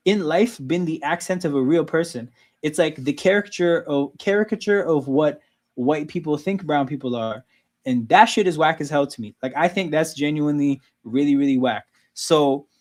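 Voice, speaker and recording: Man, livestream host, casual chat, rambling, fairly high voice. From Canada. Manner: loose, conversational, frequent "like" and "right?".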